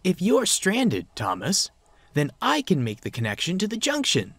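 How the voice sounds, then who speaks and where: A man's voice: high-pitched, wildly swooping pitch, moderate pace, a bit bright, slightly rough, no room sound, pitched above the performer's own voice, full character voice. A man voicing an earnest, flustered young male bus in a storybook reading. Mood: eager. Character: dependable young male bus, anxious and eager. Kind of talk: storybook narration.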